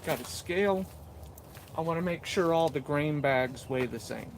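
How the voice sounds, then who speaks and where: His voice a little high with lively intonation at a normal speed, a mushroom grower chats casually on a live stream while working indoors. He reads viewer comments aloud, jokes about himself and sounds short of breath. A nearby camera captures him moving in and out of frame, with a little hiss or hum.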